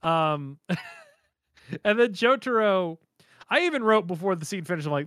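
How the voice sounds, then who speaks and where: A man co-hosting a casual chat, animated and laughing often as he acts out characters' lines. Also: high-pitched, slow pace, long pauses. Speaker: podcast co-host reacting to an anime episode.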